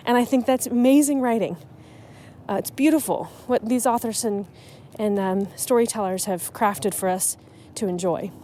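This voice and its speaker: A woman's voice: on the high side, moderate pace, warm tone, a little hiss or hum. A woman hosting a podcast about writing, talking casually and emotionally, often restarting her sentences. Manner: chatty and emotional, with frequent restarts. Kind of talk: casual solo podcast talk.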